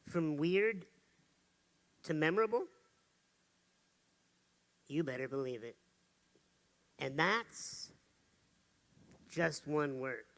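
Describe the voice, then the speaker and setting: A man giving an earnest motivational talk, dropping to soft, intimate tones for serious points. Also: on the high side, expressive, drawn-out words, long pauses. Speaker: motivational speaker.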